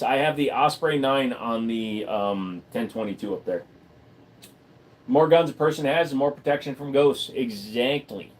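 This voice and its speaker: Blunt, deadpan man answering chat. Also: mid-range voice. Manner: blunt, deadpan, crude humor. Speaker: livestream host. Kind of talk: casual livestream Q&A, answering chat. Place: room at home full of computer gear.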